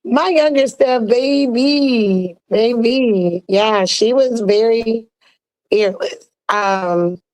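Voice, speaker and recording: A woman co-host speaks in a casual, heartfelt way, slightly high in pitch. She keeps trying to laugh off her emotion. Her stories are peppered with playful quoted lines. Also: very slow, darkish tone, poor audio. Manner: emotional, fighting back tears, laughing; playful, chatty with quoted asides. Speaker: podcast co-host.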